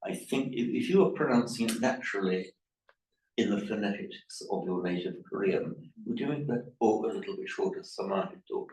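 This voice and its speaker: A man teaching a language class, correcting his students' pronunciation in a halting, repetitive way. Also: fairly low pitch, darkish tone. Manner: hesitant, repeats words, corrects pronunciation. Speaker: Pali teacher. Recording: echoey room, mic far off.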